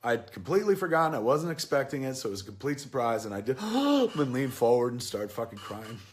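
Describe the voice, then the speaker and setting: A middle-aged man in his forties talks through a film in a loose, rambling way. He swears freely and sounds openly moved by what he describes. His voice sits at an ordinary middle pitch for a man. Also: sing-song, brisk, few pauses. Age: 40s. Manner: profane, emotional, rambling storytelling. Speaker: film reviewer. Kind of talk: casual film review.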